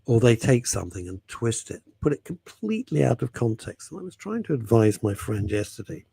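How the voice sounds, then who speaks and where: A man's voice: medium pitch, sing-song, fairly quick, creaky, warm tone, slightly rough, no room sound. A middle-aged man hosting a radio show, chatting and telling stories in a jokey, rambling way. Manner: chatty, jokey storytelling, reading out listener messages. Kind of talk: casual radio chat.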